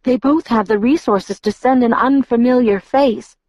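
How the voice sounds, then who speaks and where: Woman reader doing an insistent young female seer, pitched up high, earnest, audiobook. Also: moderate pace, a little mellow, no room sound, lightly acted.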